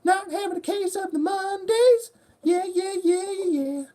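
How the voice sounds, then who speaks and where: A man voicing a cheerful working woman at the office in a very high, sing-song falsetto. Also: unhurried, dark tone. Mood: chirpy. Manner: sing-song, relentlessly upbeat.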